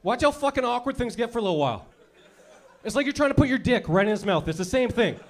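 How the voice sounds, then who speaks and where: A man's voice: very high voice, very animated, quick pace. A man doing a crude, brash stand-up comedy routine, acting out little scenes as he goes. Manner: crude, brash, acts out characters.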